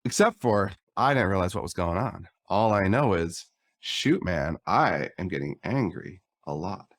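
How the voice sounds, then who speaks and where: A man's voice: low voice, lively intonation, a little slow, fairly bright tone, dry recording, clean studio sound. A middle-aged man on a podcast, candidly telling a personal story and acting out the dialogue. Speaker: podcast guest.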